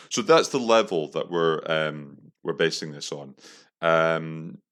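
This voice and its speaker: A man's voice: rumbling low, lively intonation, normal speed, fairly bright tone. A young man hosting a podcast, reacting to adverts in a profane, incredulous, mocking way. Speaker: podcast host. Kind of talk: casual commentary.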